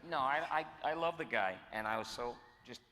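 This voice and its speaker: A man's voice: medium pitch, moderate pace. A man in his sixties, a guest voice actor on a convention panel, telling stories animatedly and acting out the quotes. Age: 60s. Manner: animated, acts out quotes, restarts phrases. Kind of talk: storytelling in a panel Q&A. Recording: echoey hall with faint noise.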